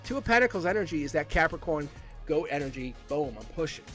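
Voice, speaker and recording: A man's voice: fairly high pitch, lively intonation, fast, a bit bright, faint music behind. Chatty man doing a tarot reading. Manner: chatty, upbeat, rambling with many fillers and laughs. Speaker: tarot reader. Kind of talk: live-stream tarot reading.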